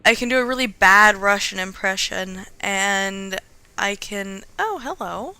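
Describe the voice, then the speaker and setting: A woman's voice: mid-range voice, animated, measured pace, bright, forceful tone, smooth. A woman, chatting casually and playfully as she streams a game. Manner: chatty, playful, talks to herself. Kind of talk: casual gaming commentary.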